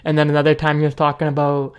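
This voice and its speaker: A young man hosting a gaming video, telling a rambling story with bursts of excitement. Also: a little high, rapid-fire, smooth, lo-fi sound. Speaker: gaming channel host.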